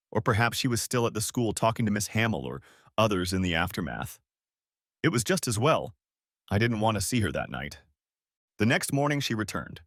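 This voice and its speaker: A man narrating a first-person audio story in a measured, calm manner. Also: fairly low pitch, no room sound, clean studio sound.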